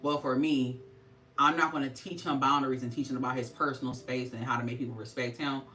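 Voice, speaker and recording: A middle-aged woman with a low voice chats loosely with her livestream viewers, laughing as she goes. She is a little away from the mic, and faint music plays behind her. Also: steady tone, fast, sharp tone, recorded from a distance, rough recording. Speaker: skincare specialist hosting a livestream. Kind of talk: casual livestream chat.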